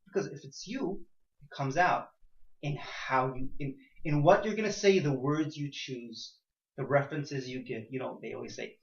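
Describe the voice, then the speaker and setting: A man teaching a class, firing off rhetorical questions and swinging between quiet points and loud emphatic ones. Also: moderate pace. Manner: rhetorical questions, sudden rises in pitch and loudness. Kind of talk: class discussion. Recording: echoey room, dull lo-fi sound.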